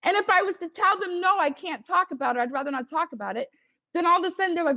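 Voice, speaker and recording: Very high-pitched and fast, this woman's voice has a bright, forceful tone, though the audio itself is dull and free of room sound. She's a livestream participant caught in a heated voice-chat argument, ranting defensively with constant profanity and clear exasperation.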